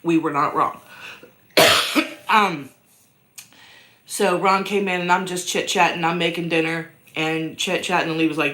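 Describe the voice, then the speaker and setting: A woman with a low-pitched yet bright, forceful voice chats loosely on a home livestream. She rambles and pokes fun at herself. A cough roughens her voice now and then. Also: measured pace, pauses often. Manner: rambling, chatty, self-mocking. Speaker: host answering viewer questions. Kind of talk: casual livestream chat. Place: downstairs at home.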